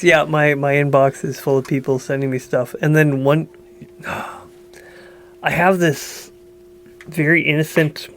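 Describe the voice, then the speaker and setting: A man's voice: a little high, a little hiss or hum. A man co-hosting a podcast, telling stories in casual chat, teasing and laughing often. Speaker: podcast co-host.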